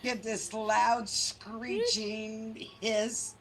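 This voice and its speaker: Laid-back woman at the game table, slow and gravelly. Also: a little high, level tone, a bit bright, slight background noise. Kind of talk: casual game chat.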